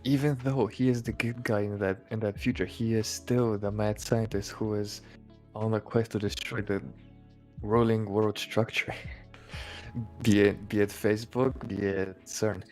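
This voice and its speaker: A man with a lowish voice jokes through a casual conversation, laughing often and swearing freely. Soft music sits faintly behind him. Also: steady tone, measured pace. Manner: laughing, profane banter. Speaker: co-host. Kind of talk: casual chat.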